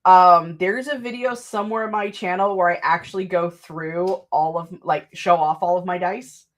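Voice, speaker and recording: Woman streamer, slightly low voice, casual rambling chat, self-mocking. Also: steady tone, normal speed. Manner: chatty, rambling, self-deprecating. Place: home desk.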